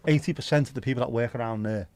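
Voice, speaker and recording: A man chats casually on his livestream, wandering from topic to topic with blunt, sweary asides. His voice sits at a middling pitch. The sound is dry and close, with no room echo. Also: racing, a little mellow. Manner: rambling, chatty, sweary asides. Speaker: livestream host. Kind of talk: casual solo livestream chat. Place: home.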